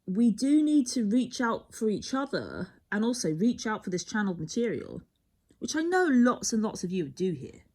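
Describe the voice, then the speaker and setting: Speaking at a moderate pace in a warm, medium-pitched voice with big pitch swings, a tarot reader muses her way through a card reading. She wanders, interrupts herself mid-sentence, and at times sinks nearly to a whisper.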